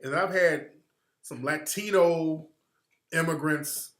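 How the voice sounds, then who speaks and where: This livestream host talks slowly in a voice on the high side, with noticeable reverb. His monologue is emphatic and rhetorical, full of profanity.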